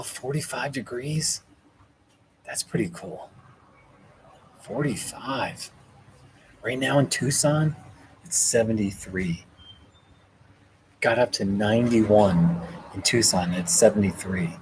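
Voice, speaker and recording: A man's voice: lowish voice, noisy background. A man hosting a casual livestream from a hotel room, reading viewer comments, thanking people by name and laughing often. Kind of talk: casual live chat.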